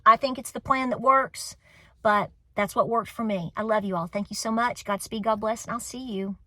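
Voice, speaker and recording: A Southern US woman in her forties hosts a homestead vlog, speaking to her viewers earnestly and emotionally, close to tears, encouraging them and repeating phrases for emphasis. Her voice is a little high, with a steady, bright, forceful tone at normal speed. There's no room sound.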